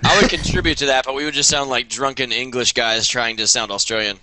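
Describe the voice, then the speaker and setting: A man's voice: mid-range voice, steady tone, fast talker, over a noisy crowd, rough recording. A man hosting a casual skateboarding podcast over a video call, rambling and talking over the others. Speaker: podcast host.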